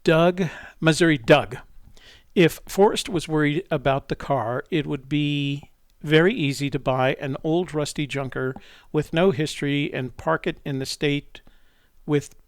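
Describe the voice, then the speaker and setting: Call-in host, male, gravelly, higher-pitched than most, dry close sound, rambling and chatty. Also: measured pace, no room sound. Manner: chatty, rambling, self-correcting. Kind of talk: casual live call-in chat.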